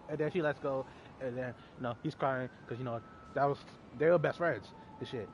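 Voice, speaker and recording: A man's voice: mid-range voice, fairly quick, slight background noise. Rambling man recapping a movie casually. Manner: rambling, filler-heavy, swears casually. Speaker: movie reviewer.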